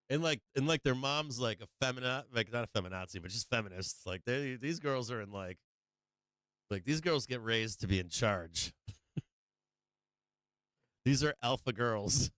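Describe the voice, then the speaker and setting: Middle-aged male livestream host, crude and jokey, smooth voice, dry close sound. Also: medium pitch, lively intonation, a little slow, long pauses, fairly bright tone, dry recording. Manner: crude, joking, laughs often, lots of swearing. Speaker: stock market livestream host. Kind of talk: profane casual livestream chat.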